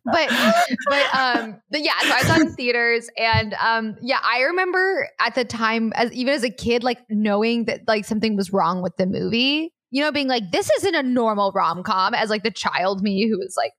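A woman's voice: on the high side, expressive, normal speed, a bit bright, no room sound, clean studio sound. A young woman co-hosting a casual chat podcast, giggly and gushing with lots of fillers. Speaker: podcast co-host.

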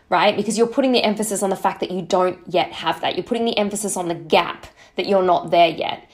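A woman's voice: medium pitch, a little fast. Upbeat chatty woman doing a motivational podcast, keeps saying okay? right? to her listeners. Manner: acts out her own past thoughts in quotes. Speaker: podcast host, social marketing entrepreneur. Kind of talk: casual motivational talk.

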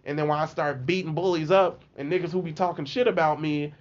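A man as a podcast guest, telling stories in a casual, animated, profane way and acting out other people's voices. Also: a little high, quick pace. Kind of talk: casual storytelling. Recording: lo-fi podcast audio.

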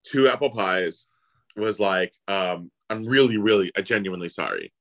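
A man's voice: lowish voice, normal speed, poor audio. A man, an actor guest, telling anecdotes in casual chat and acting out the people he quotes. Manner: animated, voices others in quotes. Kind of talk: casual storytelling.

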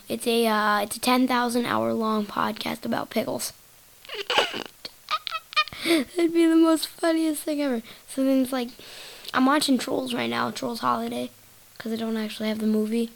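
A woman's voice: a little high, fairly even intonation, moderate pace, vocal fry, rough recording. A woman hosting a solo podcast, rambling in a silly, giggly way and jumping from topic to topic. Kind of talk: rambling casual monologue.

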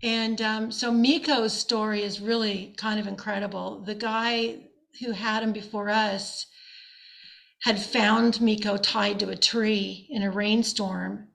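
A woman's voice: medium pitch, slow pace, gravelly, low-quality recording. A woman from Canada, a singer-songwriter guest, telling stories eagerly in a casual interview chat. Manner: animated, eager storytelling.

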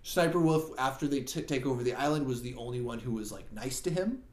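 A man in casual podcast chat, animatedly retelling a game's story and acting out characters' lines. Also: fast. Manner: animated, acts out characters' lines with big jumps in pitch.

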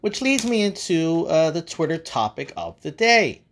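A man's voice: a little high, animated, a little slow, fairly bright tone. A man hosting a podcast in casual chat, rambling and swearing freely between laughs. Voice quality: rambling, profane, laughs often. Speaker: podcast host.

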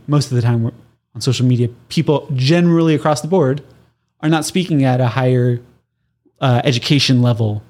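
A man from Southern California with a Californian accent, hosting a solo podcast in a casual, animated teaching style, often laughing and acting out his listeners' reactions. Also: mid-range voice. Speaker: podcast host.

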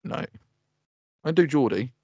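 A man's voice: a little high, expressive, unhurried, creaky, a little mellow, slightly rough, no room sound. A man from the UK co-hosting a podcast, laid-back and teasing in sweary banter. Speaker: podcast co-host. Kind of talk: casual podcast chat. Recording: dry, slightly dull lo-fi audio.

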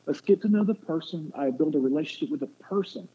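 A man's voice: a little high, quick pace, dark tone. Male guest, casual faith talk, rambling, tinny line. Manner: rambling, restarts often, acts out quotes. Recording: muffled phone-like line with faint noise.

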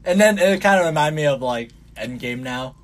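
A young man hosting a podcast in casual chat, talking in a halting, rambling way with many restarts and fillers. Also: a little high, expressive. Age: young adult. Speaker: podcast host.

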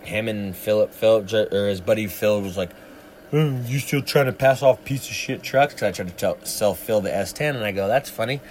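Here a man co-hosting a livestream rambles through long stories laced with swearing, all in casual chat. His voice is fairly low and a little mellow, he talks fairly quickly, and some slight background noise is present.

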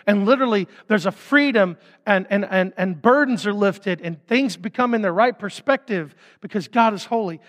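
A man preaching a sermon as pastor, casual and conversational with quick asides. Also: sits high, a bit bright, long reverb tail.

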